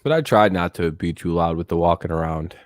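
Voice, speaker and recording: A man's voice: low voice, fairly quick, dry recording. A young man streaming live, rambling casually to his chat with lots of swearing and laughter. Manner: rambling, profane, laughs often, talks to chat.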